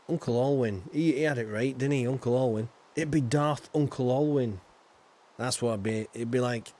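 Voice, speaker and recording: A man's voice: mid-range voice, normal speed, mellow, a little hiss or hum. Rambling Yorkshire man chatting while gaming. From Yorkshire, England. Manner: rambling and chatty, full of "you know" asides. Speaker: streamer. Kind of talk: casual gaming chat.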